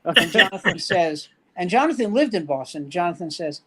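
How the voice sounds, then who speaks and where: An older man from New York, a veteran standup comedian guesting on a casual chat, rambles through wry anecdotes. His high voice is expressive, a bit bright, and husky, and he speaks fairly quickly.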